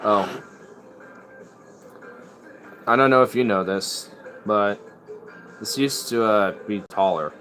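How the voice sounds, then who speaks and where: A man's voice: lowish voice, takes it slowly, pauses often, bright, forceful tone, soft background music. A man rambling in casual chat as a streamer. He is laid-back and slangy and often breaks into laughs.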